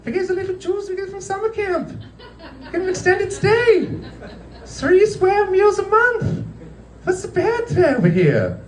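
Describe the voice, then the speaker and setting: A man doing a squeaky falsetto restaurant owner. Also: sing-song, measured pace, far from the mic, full character voice. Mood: whiny. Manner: whiny, protesting innocence. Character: shrill defensive restaurant owner, self-pitying. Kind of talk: stand-up comedy impression. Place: restaurant dining room, live show.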